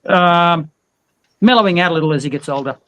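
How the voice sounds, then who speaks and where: A man co-hosting a livestream, talking casually about his dog in a relaxed, rambling way. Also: a little high, brisk, a little hiss or hum, rough recording. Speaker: co-host, dog owner. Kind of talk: casual chat.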